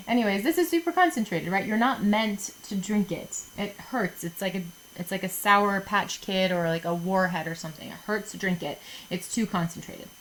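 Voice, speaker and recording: A woman's voice: mid-range voice, a little hiss or hum, rough recording. A woman chemistry teacher recording a lesson for her students, chatty and jokey, often checking in with "okay?".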